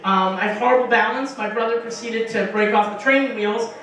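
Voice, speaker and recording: On a small bar stage before a live audience, a young woman performs stand-up, telling profane stories full of acted-out quotes. Her voice sits on the high side, a little fast and fairly bright. The room is echoey and the mic is far away.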